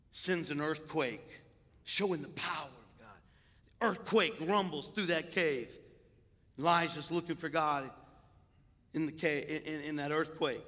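An older man preaching a sermon as pastor, moving between quiet storytelling and loud, rising exhortation. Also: on the high side, unhurried, pauses often. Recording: echoey hall with long reverb.

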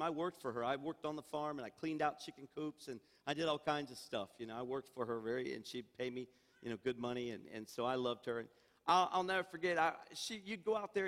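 Older high-voiced preacher in an echoing hall. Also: male voice, a bit bright. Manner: emphatic preaching, calls for amen. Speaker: senior pastor. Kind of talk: sermon. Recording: reverberant church hall.

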